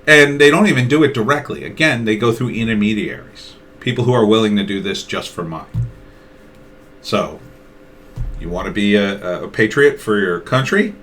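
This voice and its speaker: A middle-aged man rants through a political hot take, slipping into the voices of the people in his made-up scenes. His voice is bright and forceful. A faint hiss sits under the recording. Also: lowish voice. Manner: acts out both sides of imagined dialogues, animated. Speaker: political commentator. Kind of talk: opinion monologue.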